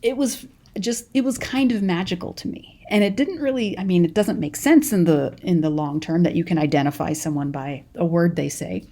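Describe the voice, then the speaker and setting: Californian woman professor, young adult, low mellow voice, relaxed chatty lecture style. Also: normal speed. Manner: conversational, storytelling teacher with many restarts. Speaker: college professor. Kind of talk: recorded lecture.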